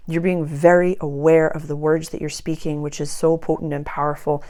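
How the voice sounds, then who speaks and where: A woman's voice: sits low, little pitch movement, a little fast, hardly any pauses, dark tone. A woman giving a casual spoken astrology and tarot reading, earnest and emphatic, often repeating phrases for emphasis.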